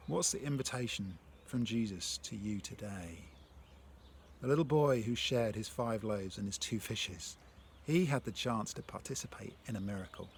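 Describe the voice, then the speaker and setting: A man giving a reflective devotional talk. He reads a prayer aloud and then puts gentle questions to the listener, moving between hushed phrases and stronger ones. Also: lowish voice, slight background noise. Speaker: speaker sharing a faith story.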